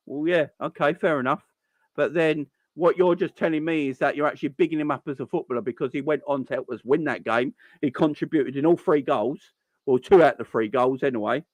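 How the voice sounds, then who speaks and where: A young man hosting a live stream rants in exasperation in a slightly high voice, talking briskly over a dry recording. When he gets worked up, he trips over himself and restarts, venting like a heated fan.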